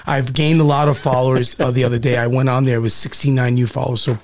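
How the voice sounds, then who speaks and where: A man's voice: medium pitch, little pitch movement, quick pace, darkish tone. A man talking as a guest restaurant owner in a casual podcast chat, laid-back, full of fillers and repeated words.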